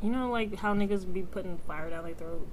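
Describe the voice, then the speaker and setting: A woman's voice: lowish voice, a little fast. A young woman co-hosting a casual chat podcast, joking and dramatic, full of slang and the filler like. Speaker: podcast co-host. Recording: noisy home recording.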